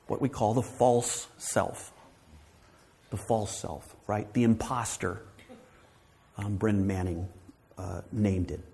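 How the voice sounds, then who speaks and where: A man giving a sermon as a guest speaker at a church, telling stories in an animated way, acting out quoted voices and often asking "right?". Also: mid-range voice.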